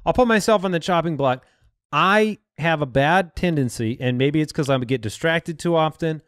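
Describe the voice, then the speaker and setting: A man's voice: a little high, a bit bright, smooth, no room sound, clean studio sound. A man hosting a comedy podcast, teasing his co-hosts in casual banter. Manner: teasing, quick to laugh. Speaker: podcast host.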